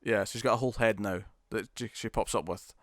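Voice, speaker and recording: Animated male podcast co-host. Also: lowish voice, dry recording, studio quality. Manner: animated, laughing, quick retelling with acted quotes. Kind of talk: casual chat about TV episodes.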